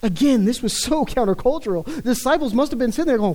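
An emphatic preacher walks a congregation through a passage of scripture in an expository sermon. The voice sits at a middling pitch, stressing points by repeating words and slowing down on key phrases. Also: lively intonation, warm tone, poor audio.

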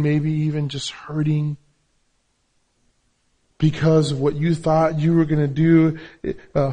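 Preaching in English as a second language, this pastor has a fairly high but dark-toned voice and a non-native accent. He leans on emphatic, repeated phrases throughout his sermon.

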